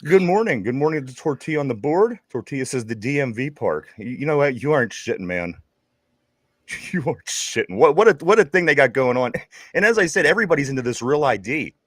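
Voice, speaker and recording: A man's voice: medium pitch, sing-song, brisk, fairly bright tone, no echo, clean studio sound. A man with a Pittsburgh accent, co-hosting a casual sports podcast and telling a rambling story, stammering and repeating his words. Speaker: podcast co-host.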